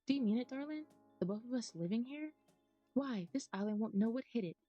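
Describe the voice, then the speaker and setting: A woman's voice: a little high, lively intonation, a little fast, lo-fi sound, faint music behind, voice pushed up. An American woman reading aloud the lines of a sweet, theatrical female deer villager in a video game, calling people darling. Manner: affectionate, says darling.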